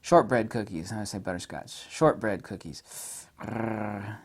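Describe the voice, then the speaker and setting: A man with a drawl talks his way through a camera lens review, rambling from point to point. He gushes and gets excitable, with giggly asides along the way. His pitch sits in an ordinary middle range for a man. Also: moderate pace.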